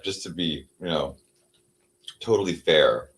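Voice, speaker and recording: A man's voice: low-pitched, slow, pauses often, a little hiss or hum. A man chatting casually on a livestream, meandering and full of fillers, now and then cooing at his cat. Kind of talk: casual rambling livestream chat.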